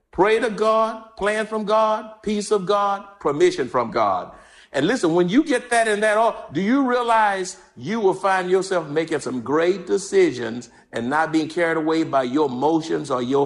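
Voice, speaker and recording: A man preaching a sermon as pastor, fervent and repetitive, often shouting and crying out. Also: high-pitched, animated, unhurried. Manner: lists and repeats phrases rhythmically.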